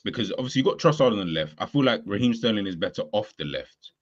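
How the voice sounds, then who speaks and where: Fast, ranting man on lo-fi audio. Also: on the low side. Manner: animated, ranting, slangy. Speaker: podcast guest. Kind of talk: casual football chat.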